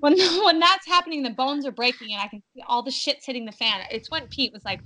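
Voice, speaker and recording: Brief: bright, forceful young woman, lively storyteller, slightly high voice. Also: brisk, poor audio. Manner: animated, acts out her own past cries in quotes. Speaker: podcast guest telling her birth story. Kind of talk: casual storytelling.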